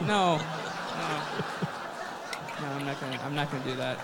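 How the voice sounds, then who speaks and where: A man's voice: on the high side, normal speed, a crowd in the background. A man doing a stand-up routine, ranting profanely and laughing at his own lines. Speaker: stand-up comedian. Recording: stand-up clip with long hall reverb.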